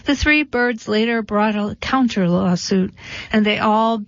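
A woman narrating a satirical storybook in a wry, deadpan manner. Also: medium pitch, unhurried, no room sound. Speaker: reader. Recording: dull dry lo-fi recording.

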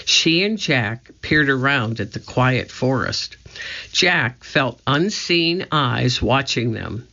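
A man reading a children's storybook aloud, narrating slowly and deliberately. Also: mid-range voice, expressive, gravelly, sharp tone. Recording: dull lo-fi recording.

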